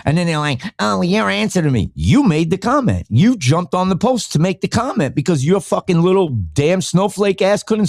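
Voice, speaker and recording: A podcast host with a high, slightly mellow voice rants angrily and bluntly on a livestream, swearing heavily while greeting chat viewers by name. The sound is dry and studio-clean.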